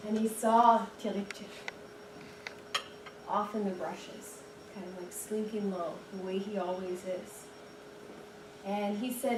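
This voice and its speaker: A young woman giving a chatty, animated storytelling talk at a dinner event, full of "like"s and restarts. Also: mid-range voice, takes it slowly, pauses often. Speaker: guest speaker and storyteller. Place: dinner event room, indoors. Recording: echoey room, distant mic, background noise.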